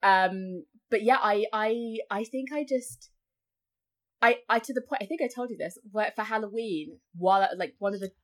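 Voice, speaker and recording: A woman's voice: mid-range voice, normal speed. A woman talking as a guest on a podcast in casual chat. She fills her talk with "like" and often acts out other people's voices. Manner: chatty, full of likes, acts out voices.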